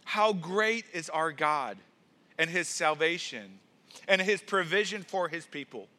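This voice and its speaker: Bright, high-voiced man preaching. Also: expressive, measured pace. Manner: earnest preaching with rising emphasis and repeated words. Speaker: pastor. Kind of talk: sermon.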